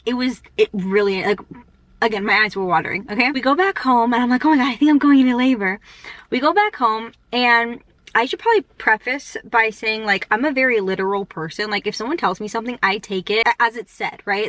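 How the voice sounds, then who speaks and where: A young woman chatting on her vlog in a loose, rambling way, with plenty of fillers and restarts. She rushes along quickly because she is short on time. Her voice sits a little higher than most women's. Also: a bit bright, no echo. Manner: talks fast in a rush. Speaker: vlogger. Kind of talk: casual chat.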